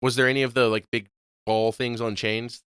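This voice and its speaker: A young man co-hosting a podcast, talking fast and opinionated in casual profane chat. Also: medium pitch, level tone, a bit bright, clean tone, no echo, studio quality. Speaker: podcast co-host.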